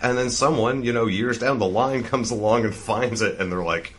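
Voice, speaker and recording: A man's voice: medium pitch, normal speed, few pauses, breathy edge. A man from Eastern Canada, a guest on a podcast, chatting casually. He swears freely and giggles a lot. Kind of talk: casual chat.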